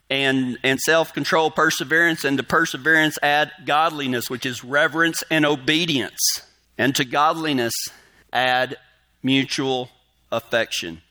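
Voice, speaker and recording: Pastor, man, high bright voice, folksy and animated sermon delivery. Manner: folksy, animated, cowboy talk.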